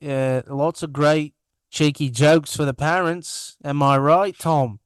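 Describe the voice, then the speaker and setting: A young man co-hosts a podcast remotely from his home master bedroom, chatting over a video call with sarcastic, self-deprecating humor. His voice is fairly high with fairly even intonation and a slow pace. The remote video-call mic gives a clean tone and a dry recording.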